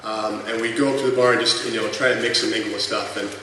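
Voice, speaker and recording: A man in his thirties tells chatty stories at a tribute panel, his voice filling a big, booming convention hall. He sounds distant from the mic. A noisy crowd murmurs behind him. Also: fairly even intonation, fast talker, bright, forceful tone. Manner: chatty, lots of fillers, laughs through the punchlines. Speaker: former colleague sharing memories. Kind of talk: anecdotal storytelling at a tribute panel. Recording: echoey hall from far off, noisy room.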